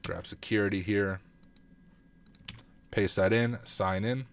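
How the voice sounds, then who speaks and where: With a lowish, steady, smooth voice, a cybersecurity streamer takes his time through a casual hacking session. He thinks aloud as he types, muttering and making self-deprecating jokes.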